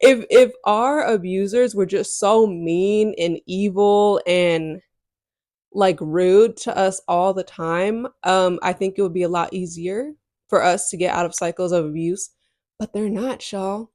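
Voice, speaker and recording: A woman's voice: medium pitch, measured pace, a little mellow, no room sound, clean studio sound. A young woman hosting a podcast, telling a personal story in a casual, emphatic way full of "like" and "um". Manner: casual and emphatic, heavy use of "like" and "um". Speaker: podcast host.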